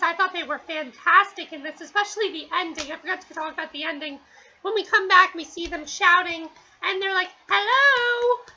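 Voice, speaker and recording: A woman's voice: very high voice, bright, forceful tone, highs cut off. A woman giving a casual, rambling spoken review at home, with many fillers and restarts. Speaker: TV episode reviewer.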